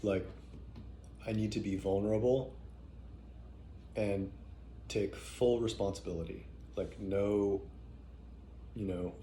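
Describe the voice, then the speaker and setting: Low, dark-voiced man musing slowly. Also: fairly even intonation, slight background noise. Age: adult parent. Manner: halting, thoughtful, many fillers and restarts. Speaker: parenting teacher. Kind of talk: casual spoken reflection.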